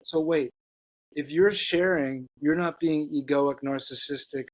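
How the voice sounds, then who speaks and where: A man telling an earnest personal story as a guest, halting, with many restarts and fillers. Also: fairly high pitch, fairly even intonation, no room sound, rough recording.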